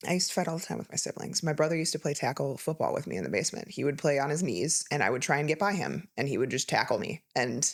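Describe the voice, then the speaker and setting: A woman's voice: sits low, lively intonation, fast, hardly any pauses. A woman in her thirties co-hosting a podcast, telling candid, rambling stories in casual chat. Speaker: podcast co-host.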